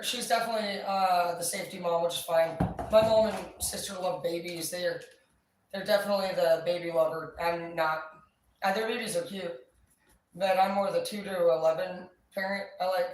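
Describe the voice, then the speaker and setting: A woman vlogger talking casually and upbeat, swearing freely as she chats. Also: fairly low pitch. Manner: chatty, profane, upbeat. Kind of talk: casual chat. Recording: echoey, distant mic, faint ambient noise.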